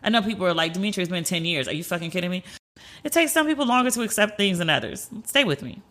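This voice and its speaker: Brief: woman podcast host, bright and punchy, chatty storyteller who acts out the voices she quotes. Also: fairly low pitch, quick pace. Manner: chatty, animated, swears, acts out quoted dialogue.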